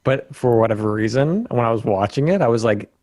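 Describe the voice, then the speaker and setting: A man's voice: medium pitch, lively intonation, a little fast, darkish tone, dry recording. Wry man co-hosting a film podcast. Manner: wry, does mock impressions of actors. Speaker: podcast co-host. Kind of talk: casual film discussion.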